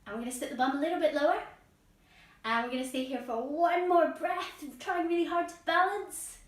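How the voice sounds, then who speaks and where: A woman's voice: sits high, a little fast, recorded from a distance. A woman leading a guided children's yoga lesson at home, playful and encouraging, with silly animal noises. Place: room at home with plants. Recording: echoey room, voice off-mic.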